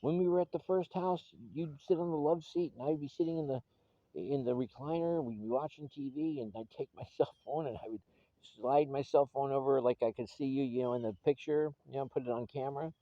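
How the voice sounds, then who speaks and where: A man's voice: medium pitch, a little fast, no echo, highs cut off. A man recording a personal video message to his estranged wife, earnest and pleading, often restarting his sentences.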